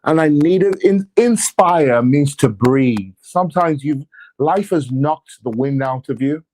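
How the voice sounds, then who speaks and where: There's a little hiss or hum on the recording of this male apostle, whose fairly high voice moves slowly. He gives an energetic, preacher-like motivational talk about money and faith, laced with sarcastic asides.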